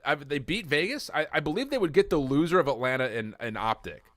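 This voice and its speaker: A man's voice: fairly high pitch, expressive, quick pace, a bit bright, dry recording. Male esports co-caster, casual and joking, rambling delivery, dry booth sound. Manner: chatty, jokey, rambling with fillers.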